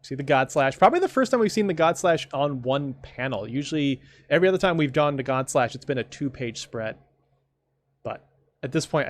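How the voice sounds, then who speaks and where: A man giving casual commentary on his own comic, rambling along with dry, sarcastic asides. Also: medium pitch. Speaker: comic creator.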